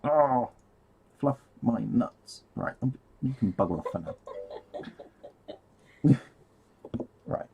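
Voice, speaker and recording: A man's voice: mid-range voice, lively intonation, slow pace, long pauses, mellow, slightly rough. A man rambling casually on a live stream while painting, easily sidetracked and laughing at himself.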